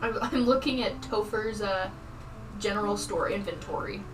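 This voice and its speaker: A woman's voice: medium pitch, moderate pace, noisy background. A woman playing a tabletop game, playful and insistent as she bargains. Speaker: player. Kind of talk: casual tabletop play. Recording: distant mic with music behind.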